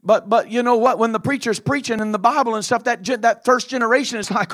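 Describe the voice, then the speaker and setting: A man preaching a sermon in a fiery manner, shouting drawn-out phrases with frequent filler uhs. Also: very high voice, steady tone.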